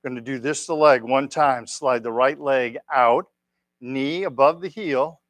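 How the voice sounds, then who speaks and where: A man leading a tai chi class, giving calm step-by-step cues and gentle praise on a clip-on mic. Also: mid-range voice, no echo. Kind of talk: guided exercise class. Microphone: clip-on microphone.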